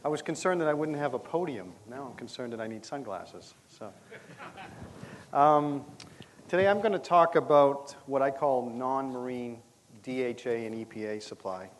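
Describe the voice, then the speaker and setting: A man's voice: mid-range voice, moderate pace, slight background noise. A man giving a conference presentation on stage, talking conversationally with plenty of fillers and a light touch of humor. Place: stage under bright lights.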